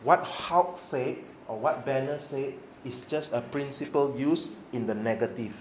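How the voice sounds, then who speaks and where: Male preacher, animated storytelling, keeps asking the congregation, in a reverberant hall. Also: medium pitch, unhurried, a little hiss or hum. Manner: animated storyteller, often checks with listeners. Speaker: pastor. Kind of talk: sermon. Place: church hall. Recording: echoey hall, faint ambience.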